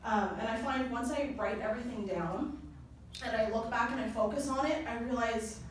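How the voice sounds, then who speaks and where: Young woman, high voice, lively anecdotal convention speaker heard from across a reverberant hall. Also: normal speed. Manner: lively storytelling, laughing often. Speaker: presenter at a company convention. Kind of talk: motivational talk with personal anecdotes. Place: large conference hall. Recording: echoey hall from far off, noisy.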